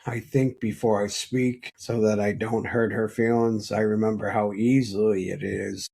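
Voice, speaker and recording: A man speaking as a podcast guest, telling a personal story in an earnest, halting way with frequent restarts. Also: lowish voice, level tone, vocal fry, warm tone, breathy edge.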